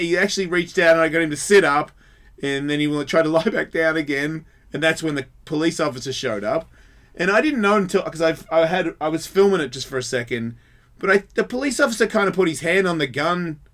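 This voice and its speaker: A man hosting a radio show, telling a story in a casual and lively way, swearing freely and acting out the other people's voices. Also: a little high. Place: radio studio.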